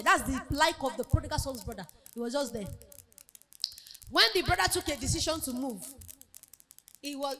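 A woman's voice: high voice, bright, forceful tone. A woman giving an emphatic motivational sermon at a conference, acting out the voices of the people in her stories. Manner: emphatic preaching, acts out quoted voices. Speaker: speaker at a women's conference.

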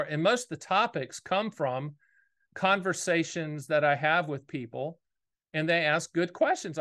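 A man, hosting a casual video monologue about annuities, talking fast in a folksy, emphatic way. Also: on the high side, fairly bright tone. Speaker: annuity agent and show host.

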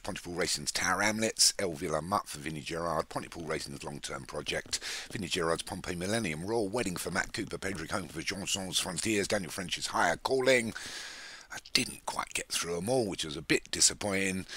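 A man commentating a horse race in a racing game, reading off the runners quickly and stumbling on names, with jokey rambling asides. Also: low voice, bright, forceful tone, breathy edge, no room sound.

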